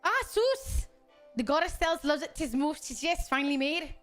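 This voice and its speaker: A woman's voice: high-pitched, lively intonation, moderate pace, faint music behind, voice pushed up. A woman putting on a quaint archaic-speaking young traveler. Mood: whimsical. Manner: old-fashioned 'tis phrasing.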